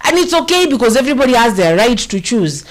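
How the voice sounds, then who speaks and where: A woman's voice: a little high, big pitch swings, fast. A woman with a Kenyan accent hosting a show, giving earnest, rambling political commentary and slipping Swahili slang into her English.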